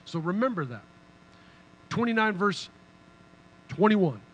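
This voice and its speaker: Man, sermon, animated, humorous, bright voice. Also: high voice, unhurried, rough recording. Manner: animated, humorous, conversational preaching. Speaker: pastor.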